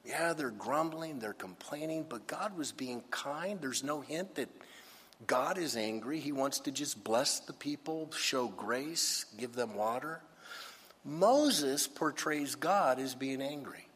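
A man delivers a sermon as pastor, pressing his points with emphatic rhetorical questions. His voice is husky and mid-pitched. It rings with the long reverb of a large hall. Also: animated, slow pace, fairly bright tone.

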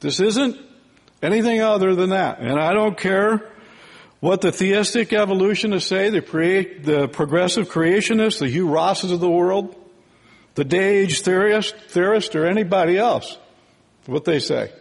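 Gravelly man preaching in a hall. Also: sits high, a little slow. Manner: conversational, digressive Bible teaching with frequent "right?" and "okay?". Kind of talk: sermon.

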